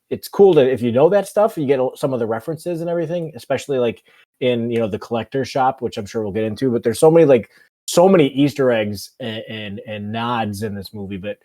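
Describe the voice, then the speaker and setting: A man's voice: mid-range voice, dark tone. A man in his thirties chatting on a podcast, enthusiastic and rambling with many fillers. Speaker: podcast co-host. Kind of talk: casual podcast chat.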